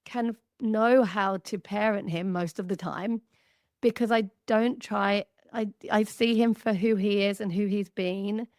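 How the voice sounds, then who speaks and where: An Australian woman in her thirties, a guest author talking in a chatty, animated way on a podcast. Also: mid-range voice, unhurried, no echo, studio quality. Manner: animated, chatty, lots of "like" fillers. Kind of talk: podcast conversation.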